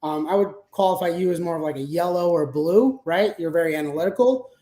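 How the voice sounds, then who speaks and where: A man's voice: fairly high pitch, brisk, mellow, roomy sound. A man talking casually as an interview guest about managing a sales team, explaining things step by step with frequent fillers.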